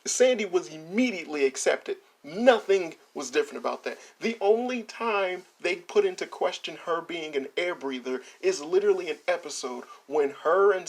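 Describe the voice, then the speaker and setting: Male reaction host with a gravelly voice, exasperated and mocking, swears freely. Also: on the high side. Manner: exasperated, profane and mocking, with frequent laughs. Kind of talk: ranting reaction commentary.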